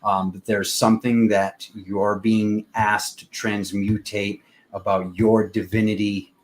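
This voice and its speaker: A man hosting a casual live-stream tarot reading, talking in an unhurried, rambling spiritual way with many fillers. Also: on the low side, flat delivery, low-quality recording.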